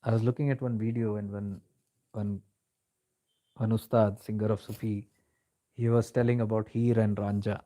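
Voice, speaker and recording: Mellow-voiced man teaching spirituality. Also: fairly low pitch, level tone, normal speed, long pauses. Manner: reflective, conversational storytelling, mixes in Hindi phrases. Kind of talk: spiritual discourse.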